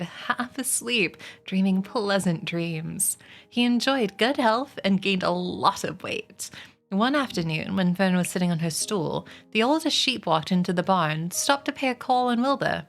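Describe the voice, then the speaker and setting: A woman streaming a book reading, narrating chapters and chatting with viewers in a giggly, friendly way. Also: mid-range voice. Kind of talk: casual livestream storytelling. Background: soft music.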